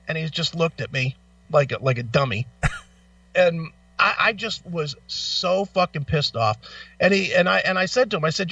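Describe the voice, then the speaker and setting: A man's voice: high-pitched, moderate pace, vocal fry, no room sound. A man co-hosting a radio show, telling an angry, profane story in casual chat while in back pain. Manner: animated, swearing storyteller. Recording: distant, dull lo-fi mic.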